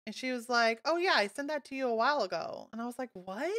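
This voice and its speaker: Bubbly bright-voiced woman streamer. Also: a little high, quick pace. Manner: bubbly, gushing and easily excited. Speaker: game streamer. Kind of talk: casual live-stream chat while playing.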